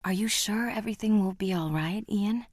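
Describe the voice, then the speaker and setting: A woman reading the part of a timid young daughter who speaks hesitantly and softly. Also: medium pitch, moderate pace, no echo, clean studio sound, voice pushed up, natural voice. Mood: anxious.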